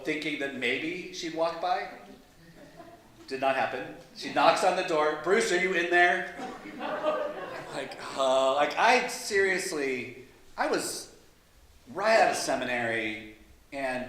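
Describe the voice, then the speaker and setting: Self-deprecating pastor in an echoey hall. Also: male voice, fairly high pitch, expressive, slow, pauses often, a bit bright. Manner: self-deprecating, chuckling asides. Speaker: pastor and guest speaker. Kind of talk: humorous storytelling talk. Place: large meeting hall.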